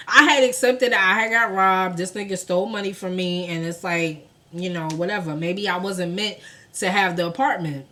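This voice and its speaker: A woman, telling a personal story to her viewers in an animated, profane, conversational way. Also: on the low side, moderate pace. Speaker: vlogger. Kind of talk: storytime vlog.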